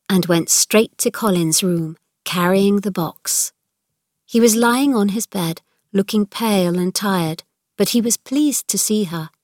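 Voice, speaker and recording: A woman narrating a storybook chapter in a clear, measured reading voice. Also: medium pitch, darkish tone, no echo, clean studio sound.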